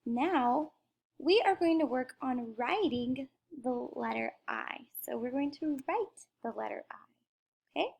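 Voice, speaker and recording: Slow, careful woman teaching phonics. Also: sits high, creaky, dull audio. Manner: slow, careful modeling of sounds. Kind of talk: recorded phonics lesson.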